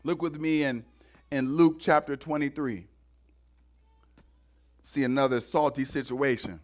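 A man preaching a sermon in a lively, conversational way, often repeating words as he goes. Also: medium pitch, measured pace. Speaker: pastor.

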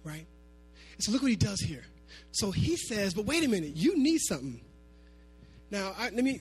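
A man preaching a sermon to his congregation, animated, sometimes half-singing his phrases. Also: high voice. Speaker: pastor.

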